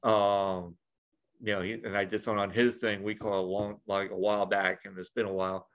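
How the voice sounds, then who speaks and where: A man's voice: on the low side, flat delivery, a little fast, a bit bright. A man chatting casually on a podcast, rambling with lots of restarts and the odd swear. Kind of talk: casual chat.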